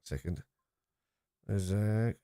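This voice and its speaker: A man's voice: on the low side, expressive, warm tone, dry recording. Dry-voiced Liverpool man chatting live. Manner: rambling, reads chat aloud, quick to scoff. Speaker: live-stream watchalong host. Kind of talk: casual live-stream chat.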